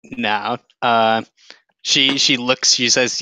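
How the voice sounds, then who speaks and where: A man's voice: mid-range voice, steady tone, normal speed, sharp tone, no echo, low-quality recording. Young man running a tabletop game. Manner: casual, hesitant, many fillers. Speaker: game master. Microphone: voice chat microphone.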